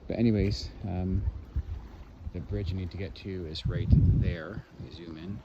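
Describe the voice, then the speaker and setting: Deep voiced canadian guy rambling on a lake trail hike, muffled handheld cam, lots of outdoor noise. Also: steady tone, moderate pace. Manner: rambling, chatty, narrates what he sees while walking. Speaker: hiking vlogger. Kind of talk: casual walking commentary. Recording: dull lo-fi outdoor recording with loud background noise.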